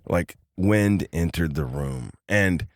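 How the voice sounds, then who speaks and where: A man telling a personal story on a podcast with lively energy, acting out the people in it. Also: low voice, slow pace, no echo, studio quality. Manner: animated storyteller acting out quoted voices. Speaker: podcast guest. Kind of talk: casual storytelling.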